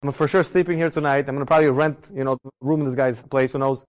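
A man in his thirties telling a personal story with lively, joking delivery, acting out the people in it. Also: mid-range voice, fast talker. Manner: animated, acts out dialogue, jokes. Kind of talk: personal story told to an audience.

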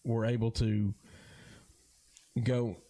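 A man, a guest talking about a charity bike ride in a halting way, full of fillers and restarts. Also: on the low side, flat delivery, mellow. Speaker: guest, board member of a first-responder charity ride. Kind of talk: casual interview talk.

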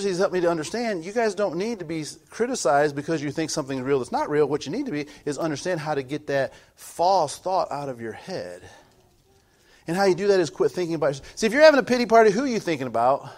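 A middle-aged male pastor preaching a sermon, swinging from loud emphatic build-ups to low quiet asides, with rhythmic repetition and call-outs to the audience.

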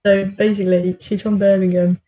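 A woman's voice: medium pitch, little pitch movement, fairly quick, mellow. A young woman from Stafford co-hosting a podcast over a call, chatting casually and laughing often. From Stafford, England. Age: young adult. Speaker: podcast co-host. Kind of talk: casual chat. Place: student room at a university. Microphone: remote call mic. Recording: roomy, distant call audio.

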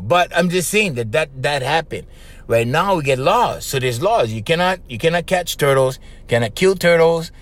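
This solo podcast host is a middle-aged Hawaiian man whose English carries a Pidgin tinge, his voice somewhat high and a little bright. Casual and rambling, he chuckles a lot and tags his sentences with "right?" and "okay?".

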